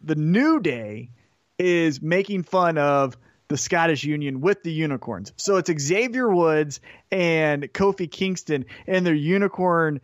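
A man telling a story on a podcast, his voice set a little high. He is lively and animated and slips into put-on voices for the quotes. The sound is dry and close. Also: a little slow, no room sound, muffled recording. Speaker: podcast co-host. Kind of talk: casual chat recapping wrestling.

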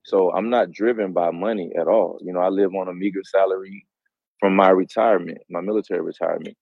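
A man's voice: sits low, steady tone, fast talker, creaky, dry recording. A man in his forties with a North Carolina accent, calling in and earnestly making his case. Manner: earnest, self-promoting. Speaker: caller, political candidate. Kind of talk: casual call-in talk. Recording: dull lo-fi call line.

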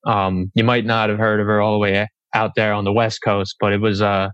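Young man, interview guest, earnest, halting, low voice, dry slightly dull recording. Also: flat delivery, a bit bright, smooth, no echo. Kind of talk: conversational interview.

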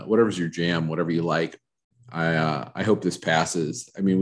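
Rambling low-voiced man hosting a podcast. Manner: rambling, self-mocking, repetitive riffs. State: congested from allergies, a bit froggy. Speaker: podcast host. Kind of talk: casual solo podcast chat. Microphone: studio microphone.

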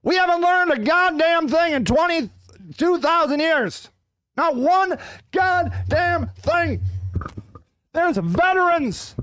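High-voiced, fiery ranting man. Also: takes it slowly, no echo. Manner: profane, fiery, swings from loud outbursts to low growls; animated, ranting. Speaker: podcast host. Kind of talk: solo podcast rant.

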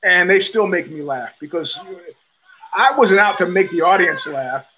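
Middle-aged male host, higher-pitched voice; loose, profane, rambling monologue with frequent restarts. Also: lively intonation, normal speed, bright, forceful tone, slight background noise, low-quality recording. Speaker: podcast host. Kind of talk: casual monologue.

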